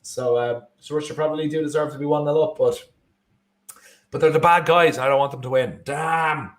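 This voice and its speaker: An excitable Irish man talking over a live football match in a casual online chat, his voice sitting a little high. He jokes, reacts loudly to the play and teases his co-host. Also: fairly quick. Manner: excitable, jokey, bursts into shouting and laughter.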